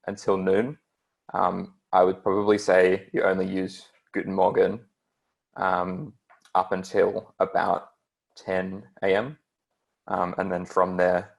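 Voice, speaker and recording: A man's voice: sits low, vocal fry. A young man tutoring an online beginners' German lesson, hesitant and full of ums as he explains.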